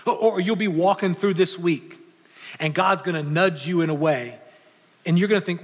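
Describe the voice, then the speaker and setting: A man preaching a sermon as pastor, telling the story in a lively way and acting out the voices of the people in it. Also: high-pitched, moderate pace. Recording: muffled sound with long hall reverb.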